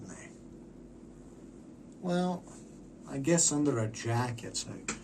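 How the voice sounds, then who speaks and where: A man's voice: medium pitch, measured pace, background noise. A man talking in a casual vlog monologue, rambling and profane with lots of stammered restarts.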